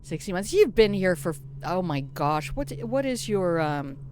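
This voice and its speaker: A woman's voice: fairly low pitch, very animated, measured pace, background noise. An older woman streaming a video game live, chatting casually, swearing now and then and reading in-game notes aloud. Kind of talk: casual live gameplay commentary.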